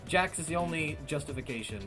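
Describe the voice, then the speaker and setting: A young man streaming casually, ranting loud and exasperated and repeating himself. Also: fairly high pitch, lively intonation, fast, music in the background. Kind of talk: casual chat on a livestream.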